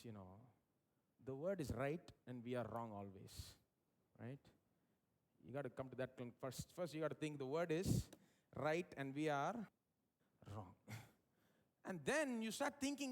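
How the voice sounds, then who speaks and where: High-voiced animated male preacher. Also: moderate pace. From India. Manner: animated preaching, sweeping swings in pitch and loudness. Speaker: pastor. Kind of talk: sermon. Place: church service.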